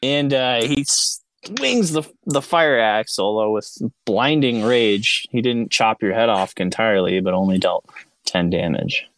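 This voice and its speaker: A man's voice: lowish voice, animated, unhurried, a bit bright. A man narrating as game master of a tabletop horror game, giggling through his descriptions.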